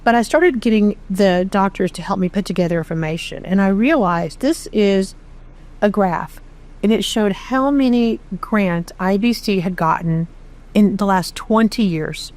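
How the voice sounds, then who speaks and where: A middle-aged woman from Texas tells her own story as an interview guest, candid and animated, with a self-deprecating streak. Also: mid-range voice, unhurried. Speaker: charity founder, interview guest. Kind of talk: conversational storytelling.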